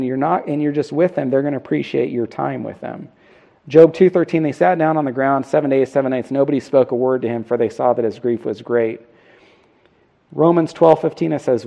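A man's voice: medium pitch, creaky, dark tone. A middle-aged man preaching a sermon, earnest and self-deprecating, putting questions to the congregation. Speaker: pastor.

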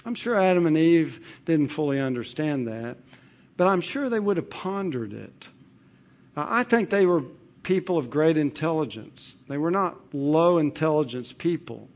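Animated and fairly high-pitched, a man delivers an expository Bible sermon. He stays measured but emphatic, using rhetorical questions and repeated phrases.

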